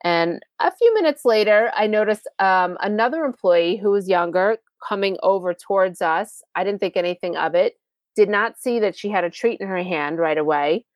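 A woman's voice: medium pitch, normal speed, no room sound. A woman hosting a podcast, telling a personal story in a chatty, conversational way with asides to the listener. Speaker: podcast host.

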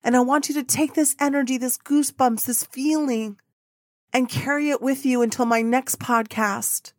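Female podcast host, high-pitched, passionate motivational delivery, dry booth sound. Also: steady tone, normal speed, dry recording. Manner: emotional, fervent, repetitive affirmations.

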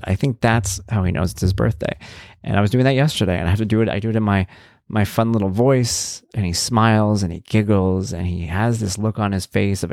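Low, gravelly man in casual monologue. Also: a little mellow, no echo, clean studio sound. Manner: rambling and conversational with wry, blunt humor. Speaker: parent blogger talking about his son.

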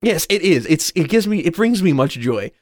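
A man co-hosting a podcast in casual chat, excitable and profane and laughing often. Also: a little high, normal speed, no room sound, clean studio sound. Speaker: podcast co-host.

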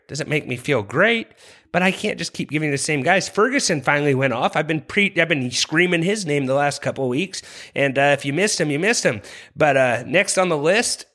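Young male podcast host, slightly high-pitched, passionate and rambling, casual rankings talk. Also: fairly bright tone. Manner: passionate, rambling, apologetic asides. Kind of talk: fantasy football rankings talk.

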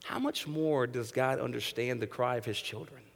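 Man, pastor, 30s, animated sermon, hushed to loud, acts out voices, mid pitch, long church hall reverb. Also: moderate pace, vocal fry. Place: church sanctuary.

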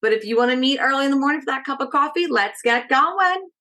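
A woman's voice: high voice, rapid-fire, pushed and bright. A woman speaking as a stress management educator in a casual podcast interview, talking directly and energetically and often checking in with "right?".

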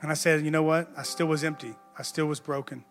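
A man's voice: on the high side, steady tone, fast talker. A man, a pastor, telling a personal story in a conversational sermon, self-mocking and repeating words as he builds up. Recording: music under a long hall echo.

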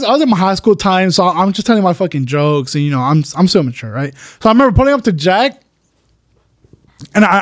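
A young man on a podcast, telling a story in a rushed way with many restarts. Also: sits high, dry recording, studio quality. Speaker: podcast co-host. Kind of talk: casual chat.

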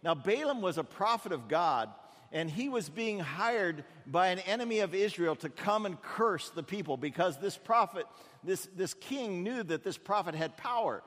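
A man's voice: sits high, animated, moderate pace, fairly bright tone, in a large hall. A man preaching a storytelling sermon in a conversational way, often repeating words as he goes.

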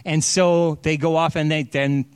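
A man's voice: fairly high pitch, steady tone, unhurried, a little mellow, clear, resonant tone, no echo. A man preaching, animatedly retelling a story and acting out its quotes in a casual sermon style. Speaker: pastor.

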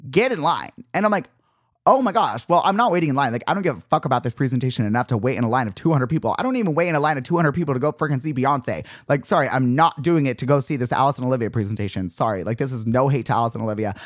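A young man hosting a solo podcast, telling a story in a dramatic, exasperated rant with sudden jumps in pitch. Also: very fast, hardly any pauses, dry recording, clean studio sound. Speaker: podcast host.

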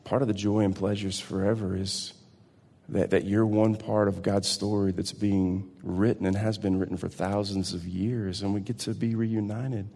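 Animated pastor in his forties, echoing hall. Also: lowish voice, gravelly. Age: 40s. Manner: animated, swinging between shouts and hushed intensity. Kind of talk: sermon.

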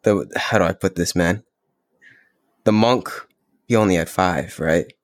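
A man's voice: deep voice, a little slow, no room sound, studio quality. A man as a podcast guest in a casual spiritual conversation, laid-back and often searching for words.

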